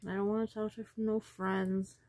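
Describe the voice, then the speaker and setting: A vlogger with a mid-range, somewhat mellow voice talks at normal speed with little pitch movement, meandering through personal thoughts. She trails off and drops into whispers at times, and there's no room sound.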